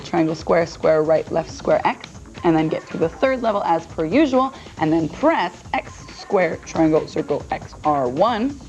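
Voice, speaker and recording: A woman's voice: medium pitch, a little mellow. A woman presenting a video game TV show with a playful, irreverent manner, reading out cheats and prize winners. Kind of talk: cheeky presenting to camera.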